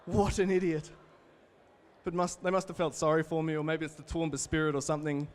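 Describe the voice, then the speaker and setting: An Australian man in his twenties delivers a motivational talk on stage. His voice sits a little higher than most men's. He tells stories with energy and speaks straight to the room. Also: racing, clean tone. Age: 20s. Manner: energetic, storytelling, addresses the crowd directly. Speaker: keynote speaker. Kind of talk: motivational talk to a live audience.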